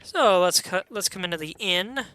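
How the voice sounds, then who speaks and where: A man's voice: high-pitched, lively intonation, moderate pace, pushed and bright. A man casually commentating a video game stream, chatty with meandering asides.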